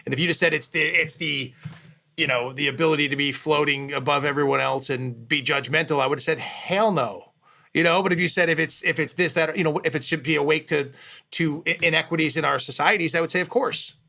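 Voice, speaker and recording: A man in his fifties speaking candidly as a podcast guest, with halting starts and frequent restarts. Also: on the high side, fairly even intonation, creaky, pushed and bright. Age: 50s. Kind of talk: candid conversational interview.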